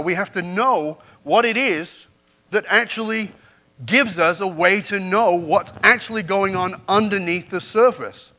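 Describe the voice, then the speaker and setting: Bright-voiced man giving a keynote. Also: high-pitched. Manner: storytelling, asks the audience questions. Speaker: keynote speaker. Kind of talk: motivational keynote talk. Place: conference stage before a live audience.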